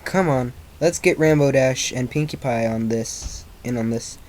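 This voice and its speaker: A man's voice: medium pitch, a little slow, darkish tone, lightly acted. A man voicing a bookish female pony who asks urgent questions. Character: bookish unicorn mare, anxious.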